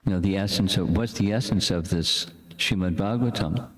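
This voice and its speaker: An older man teaching a scripture class to an audience, pausing to lead chanted verses for the room to repeat, in a casual, halting way with restarts. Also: sits low. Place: lecture hall with an audience. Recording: echoey lecture room.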